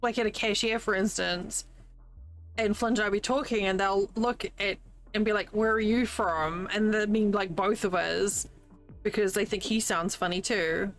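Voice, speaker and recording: A woman's voice: mid-range voice, normal speed, soft background music. A woman from New Zealand with a New Zealand accent, hosting a stream with blunt, profane casual chat. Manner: blunt, swears freely, animated storytelling. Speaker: streamer host.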